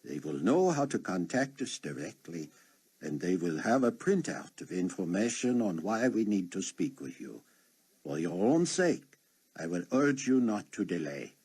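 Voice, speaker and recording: Guy doing a heavy french accent, stern agent, slow and serious. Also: low voice, big pitch swings, darkish tone, breathy edge, heavily acted. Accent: thick French. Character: stern Interpol agent man.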